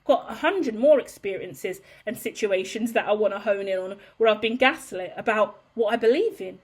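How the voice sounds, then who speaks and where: A woman's voice: medium pitch, animated, normal speed, breathy edge. A woman giving a heated, profane monologue to camera as a tarot reader, blunt and ranting.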